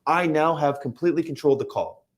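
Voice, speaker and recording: A man's voice: a little high, quick pace. A man on a sales panel, talking emphatically and acting out phone calls with customers. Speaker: Medicare sales trainer. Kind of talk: panel discussion.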